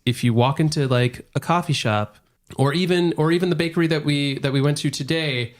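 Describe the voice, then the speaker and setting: A man's voice: fairly high pitch, fairly quick. A man co-hosting a casual podcast chat, rambling with lots of fillers and relishing his food descriptions. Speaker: podcast co-host.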